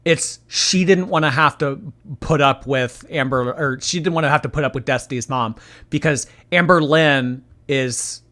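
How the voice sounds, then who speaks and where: Male commentary host, bright forward tone, sarcastic and blunt delivery. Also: mid-range voice, normal speed. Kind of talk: casual reaction commentary.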